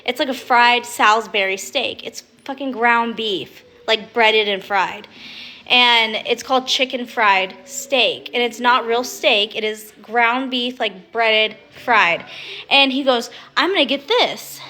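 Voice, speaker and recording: A woman's voice: a little high, slow, bright, forceful tone. A young woman streaming live from home on her phone, chatting casually with frequent laughs and swearing. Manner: chatty, rambling, swears freely, laughs often. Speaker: livestream host. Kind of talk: casual chat.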